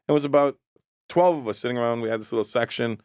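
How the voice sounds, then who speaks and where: Brief: male comedian guest, fast, animated storyteller, dry studio sound. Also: medium pitch, clear, resonant tone, dry recording. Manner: animated, acts out the other people in his stories. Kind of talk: casual talk-show storytelling.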